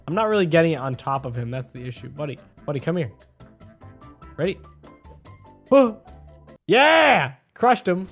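A man doing casual gameplay commentary, chatty and excitable, often talking to the character on screen. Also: high voice. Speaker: gaming video host. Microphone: desk microphone.

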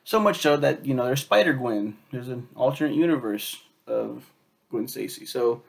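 A man reviewing a superhero film in a loose, rambling way, swearing often and filling pauses with um and like. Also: mid-range voice, animated, creaky. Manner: rambling, profane, lots of fillers and quoted asides.

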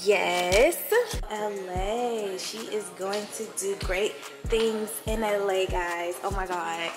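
A woman's voice: mid-range voice, steady tone, takes it slowly. A woman vlogging in casual chat, gushing and laughing often as she shows things around. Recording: echoey room with long reverb and music behind.

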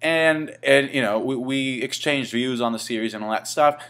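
A man's voice: medium pitch, normal speed, fairly bright tone. A man in his twenties telling a casual story to camera, rambling and swearing, with many fillers and restarts. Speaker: vlogger.

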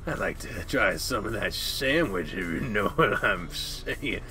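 A man's voice: fairly low pitch, lively intonation, a little slow, bright, forceful tone, faint music behind. Dude doing a teasing flirty college guy, sly drawl. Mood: suggestive.

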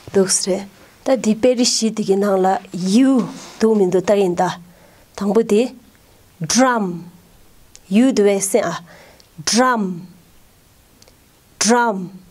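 A woman's voice: medium pitch, slow pace, long pauses, a little mellow. A woman teaching a phonics lesson, sounding out letters one by one and then blending them into words. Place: school in Ladakh, India.

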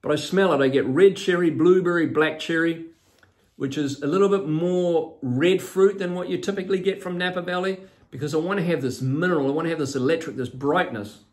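A man's voice: fairly high pitch, brisk, darkish tone. A man with a New Zealand accent, a winemaker talking casually and keenly through a wine tasting. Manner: enthusiastic, listing flavors.

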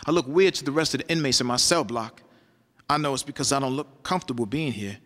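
A man's voice: mid-range voice, quick pace, fairly bright tone. A man giving a spoken-word performance as a poet, with a rhythmic, rhyming delivery. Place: lecture hall. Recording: long reverb of a lecture hall.

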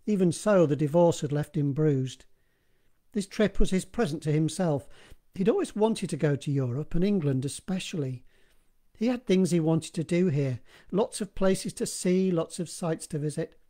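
Mellow-voiced man reading a horror story. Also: a little high. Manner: steady, measured narration with occasional retakes. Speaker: author reading his own story.

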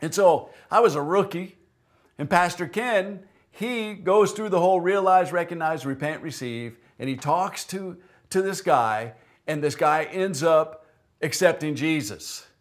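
A man delivers a sermon from the pulpit, speaking in a relaxed, conversational way as he tells a story. His voice sits a little higher than most men's, and he slips into the voices of the people in his story. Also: unhurried. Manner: conversational, tells stories with acted-out quotes. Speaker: pastor. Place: church.

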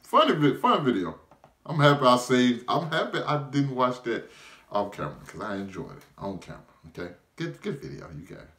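A young man reacting to a video in casual commentary, laughing loudly and shouting at the screen. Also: mid-range voice, sing-song, a little fast. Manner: loud, laughing, yells at the screen. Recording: echoey room with loud music.

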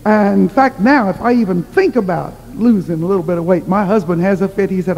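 A woman's voice: medium pitch, a little fast, few pauses, a little mellow, lo-fi sound. A woman preacher telling a humorous story in a sermon, chatty and self-mocking, often laughing at herself. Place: church hall. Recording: long reverb in a large hall.

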